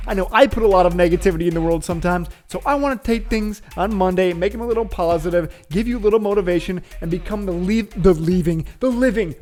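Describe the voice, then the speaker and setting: This show host has a high voice with a darkish tone. He keeps his casual vlog commentary playful, joking, and upbeat.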